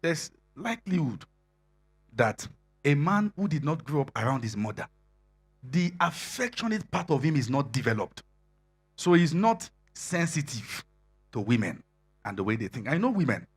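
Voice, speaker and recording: A middle-aged man preaching a sermon to singles in a conversational style, laughing often and building to loud emphasis. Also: fairly high pitch, big pitch swings, moderate pace, slightly rough, faint music behind.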